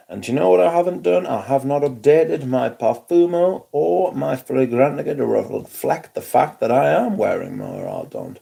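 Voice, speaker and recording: Guy doing a chill livestream, bit gravelly, dry humour, saying hi to chat. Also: medium pitch, dark tone. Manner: chatty, wry, greets viewers by name. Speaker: livestream host. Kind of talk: casual live-stream chat.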